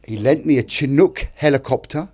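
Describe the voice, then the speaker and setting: In a podcast studio, a middle-aged man from Britain who works as an actor and director shares casual stories in British English. His mid-range voice has a darkish tone with a breathy edge and moves at a moderate pace, and he curses heavily while performing other people's dialogue.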